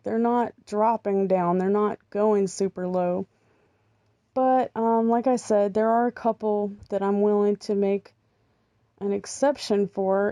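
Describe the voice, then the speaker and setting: Slow, chatty woman vlogger. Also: medium pitch, warm tone, no room sound, clean studio sound. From American. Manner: rambling, chatty, with frequent ums and laughs. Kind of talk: casual chat.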